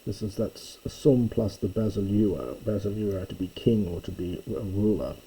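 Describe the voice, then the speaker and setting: A man's voice: on the low side, warm tone, a little hiss or hum, poor audio. A man teaching a verse-by-verse Greek lesson, carefully explaining words and often correcting himself as he goes. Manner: slow, careful, with frequent self-corrections and fillers. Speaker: Greek New Testament teacher.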